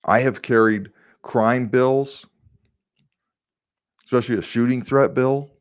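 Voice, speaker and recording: A man's voice: medium pitch, takes it slowly. A man hosting his own political commentary show, talking conversationally with rhetorical questions and frequent fillers. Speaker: state senator hosting a political video series. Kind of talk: casual political commentary to camera.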